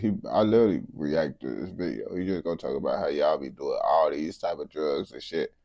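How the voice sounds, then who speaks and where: A man's voice: deep voice, a little mellow, no room sound. A man streaming casual reaction commentary, blunt and heavy on slang.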